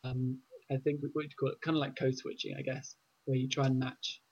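A man's voice: mid-range voice, little pitch movement, fairly quick, lo-fi sound, background noise. A man co-hosting a podcast, explaining things hesitantly with lots of fillers and hedges. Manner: hesitant, hedging, many fillers. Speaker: podcast co-host. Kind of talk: casual chat.

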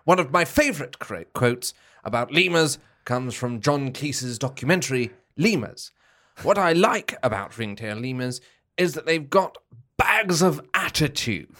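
A man's voice: medium pitch, expressive, a little slow, fairly bright tone. A man co-hosting a comedy podcast, chatting casually, laughing often and hesitating between words. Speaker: podcast co-host.

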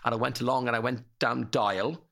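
A man's voice: medium pitch, fairly even intonation, brisk, creaky, fairly bright tone. An Irish man in his forties, a guest telling personal stories openly and emotionally in an interview. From Ireland. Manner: open, tumbling storytelling.

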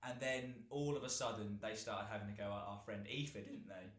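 A man's voice: fairly low pitch, fairly quick. Roomy-sounding British young man telling stories. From Britain. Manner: rambling storyteller, laughs often. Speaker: podcast co-host. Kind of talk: casual chat, anecdote telling. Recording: roomy echo.

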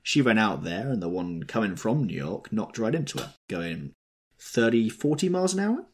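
A man's voice: fairly low pitch, very animated, normal speed, slightly rough, pitched above the performer's own voice, exaggerated voice. A man reading as a flustered eager witness. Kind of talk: audiobook character reading.

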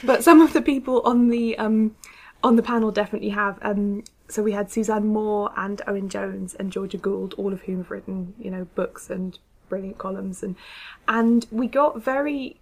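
A woman's voice: mid-range voice, fairly even intonation, normal speed, darkish tone. A woman co-hosting a podcast, chatting casually with plenty of fillers and hedges. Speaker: podcast co-host. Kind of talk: casual chat.

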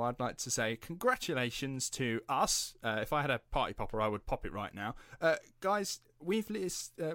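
A man's voice: medium pitch, bright, forceful tone, no echo, studio quality. A man from England co-hosting a casual podcast, rambling through anecdotes and swearing freely. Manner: rambling, swears, laughs at own stories. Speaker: podcast co-host. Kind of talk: casual chat.

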